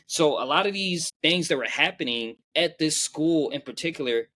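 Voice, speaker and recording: A man's voice: mid-range voice, sharp tone. A young man hosting a podcast, telling personal stories in a rambling, slangy way and often repeating his phrases. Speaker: podcast host. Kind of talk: casual storytelling monologue.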